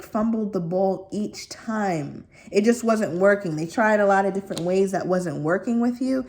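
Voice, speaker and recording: A woman's voice: mid-range voice, a little hiss or hum. Chatty woman doing a tarot reading. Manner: chatty, animated, acts out playful asides. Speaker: tarot reader.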